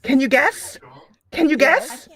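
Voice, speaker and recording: A woman with a high voice hosts a casual livestream chat. She sounds excited and teasing as she coaxes the group along. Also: takes it slowly. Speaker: host.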